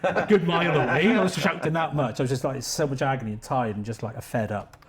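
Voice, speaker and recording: A man telling a long story at a quick clip. He talks in a relaxed, casual way, swears freely and acts out his own lines along the way. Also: medium pitch. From South Wales. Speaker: podcast guest, ultra runner.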